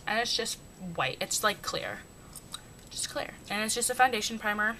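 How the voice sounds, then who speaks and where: Bright, forceful, and expressive, this young woman talks at a moderate pace while doing her makeup. She's a beauty vlogger whose casual tutorial chat rambles along with plenty of self-mockery, captured in a noisy home recording with rumble.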